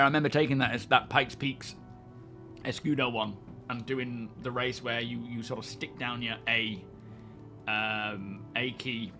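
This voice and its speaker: A man's voice: medium pitch, sharp tone. A man hosting a live stream, chatting casually and greeting viewers as he rambles.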